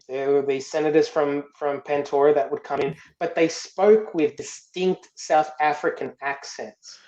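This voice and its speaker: A man's voice: on the high side, darkish tone. A man, a film director and guest, telling stories in a casual interview, often repeating words as he searches for them. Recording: roomy, dull lo-fi sound.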